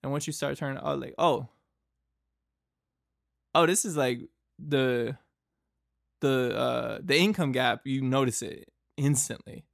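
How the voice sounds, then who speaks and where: A man's voice: medium pitch, a little slow, vocal fry, pauses often, no room sound, clean studio sound. A young man from Boston, hosting a podcast and telling a travel story in a loose, rambling way, full of fillers and laughs. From Boston, United States. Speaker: podcast host.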